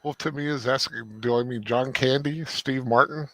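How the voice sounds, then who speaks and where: A man's voice: medium pitch, steady tone, moderate pace, gravelly, bright, forceful tone, no echo. A man chatting casually over a movie commentary, hesitant and laughing along with friends. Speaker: film commentator.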